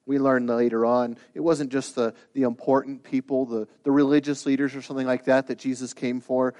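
A man's voice: mid-range voice, little pitch movement, a little fast, a little mellow. A man preaching a sermon as pastor. He talks in an earnest, conversational way, then builds to emphatic, rising bursts. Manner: conversational asides with restarts.

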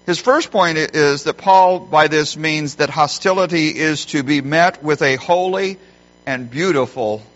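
Bright-voiced preaching pastor, lo-fi sound. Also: male voice, on the high side, unhurried. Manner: emphatic preaching, rising animated storytelling. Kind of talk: sermon. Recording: dull lo-fi sound.

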